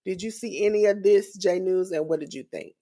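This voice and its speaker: A woman co-hosting a wrestling podcast in casual chat, animated and acting out quotes in different voices. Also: on the low side, a little fast. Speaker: podcast co-host.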